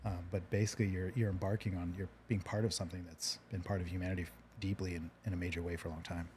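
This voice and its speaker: Fast-talking man hosting a casual chat. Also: deep voice, level tone, darkish tone, slight background noise. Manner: earnest, reflective, many restarts. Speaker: podcast host.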